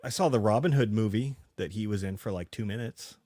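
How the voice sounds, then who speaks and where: A middle-aged man in his forties, co-hosting a podcast and telling a profane, animated story in casual chat. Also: fairly low pitch, fairly quick, no echo, studio quality. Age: 40s. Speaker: podcast co-host.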